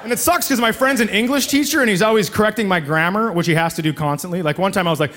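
A man's voice: high-pitched, very fast, few pauses, slight background noise. A man doing a stand-up set in a comedy club, sarcastic and acting out voices. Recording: live club with loud crowd laughter. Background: audience laughter.

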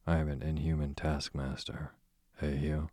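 A man voicing a sardonic, smooth-voiced duke. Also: very deep voice, level tone, normal speed, dark tone, no room sound, clean studio sound. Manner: smooth, drawling, sarcastic. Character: sardonic languid aristocratic male duke. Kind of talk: audiobook character voice.

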